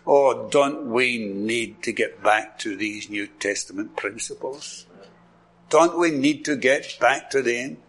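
Scottish guy preaching, slow and bright, chuckles a lot, repeats stuff for emphasis. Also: mid-range voice, slightly rough. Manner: enthusiastic, repeats words for emphasis, chuckles often. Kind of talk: sermon.

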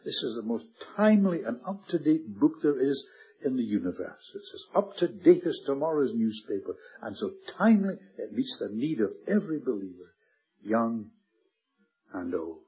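Male preacher, husky, earnest sermon delivery, muffled old recording. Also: medium pitch, big pitch swings. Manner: earnest, emphatic, slows and drops to a hush on key words.

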